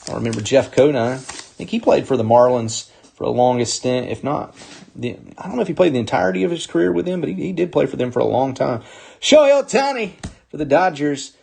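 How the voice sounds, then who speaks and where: A man's voice: mid-range voice, animated, fairly quick, gravelly, darkish tone, husky. A man hosting a live sports card break, upbeat as he calls out players and teams while opening packs.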